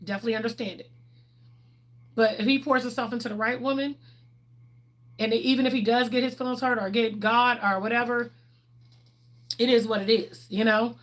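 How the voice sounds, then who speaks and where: Woman, middle-aged, livestream host, chatty and candid, somewhat high-pitched. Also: steady tone, fairly quick, pauses often, a bit bright. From Texas, USA. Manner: chatty and candid, laughs often. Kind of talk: casual livestream chat answering viewers.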